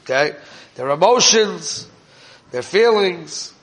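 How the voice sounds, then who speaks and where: A man's voice: high-pitched, lively intonation, takes it slowly, a bit bright. A man teaching an informal Torah class in a conversational way, often asking his listeners questions and mixing in Hebrew terms.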